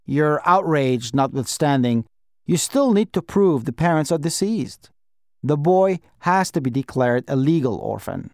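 A man's voice: a little high, animated, a little slow, a little mellow, no room sound, clean studio sound. A man reading aloud and voicing a middle-aged male embassy official who speaks in a cold, clipped, bureaucratic way. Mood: curt.

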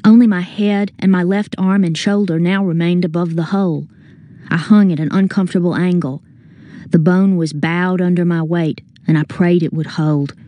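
A woman narrating a story as an audiobook reader, in a measured, earnest first-person telling. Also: fairly low pitch, fairly even intonation, warm tone, dry recording.

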